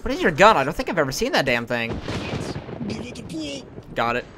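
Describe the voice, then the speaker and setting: Excitable young-sounding gamer man. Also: on the high side, normal speed, heavy background noise. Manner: excitable, swearing, frequent exclamations. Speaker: let's play gamer. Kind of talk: casual gameplay commentary. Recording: game sounds under voice.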